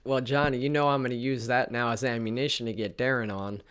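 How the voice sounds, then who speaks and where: A man's voice: medium pitch, steady tone, fast talker, a crowd in the background. A man hosting a casual podcast interview, asking questions in an easygoing, friendly way. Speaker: podcast host.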